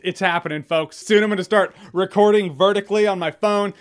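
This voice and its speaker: A man's voice: high voice, steady tone, fairly quick, few pauses. A young man giving a casual, sarcastic and profane movie review, rambling and nitpicking as he goes.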